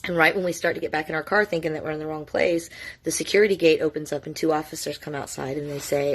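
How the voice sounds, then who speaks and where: A middle-aged woman tells her own story straight to camera. Her voice sits low, with a gravelly fry and a husky, raspy texture. She talks candidly and with emotion, swearing freely. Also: flat delivery, quick pace. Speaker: mother telling her story.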